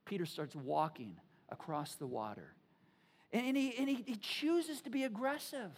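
A woman preaching a sermon, retelling stories in a lively, conversational way with frequent restarts. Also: medium pitch, moderate pace, slightly rough. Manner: animated, conversational storytelling with many restarts.

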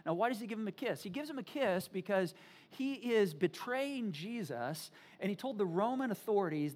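A woman preaching a sermon, retelling stories in a lively, conversational way with frequent restarts. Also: mid-range voice, moderate pace. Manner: animated, conversational storytelling with many restarts.

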